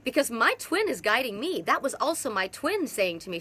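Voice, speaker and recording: A woman's voice: on the high side, sing-song, brisk, bright, forceful tone, breathy edge. A middle-aged woman giving an emphatic, repetitive spiritual monologue as a twin soul facilitator, speaking outdoors. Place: outdoors in hot humid weather.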